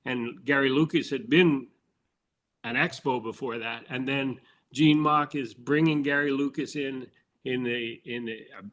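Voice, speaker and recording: Older male podcast co-host, anecdotal, laughs easily, mid-pitched voice. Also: a bit bright. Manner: storytelling, laughs while recounting anecdotes. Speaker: podcast co-host, former baseball insider. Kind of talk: casual sports chat.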